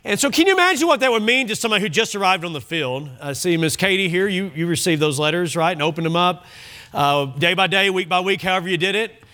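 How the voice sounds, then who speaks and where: Bright high-voiced man preaching. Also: animated, quick pace. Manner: emphatic, repeats key phrases. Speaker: pastor. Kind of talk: sermon.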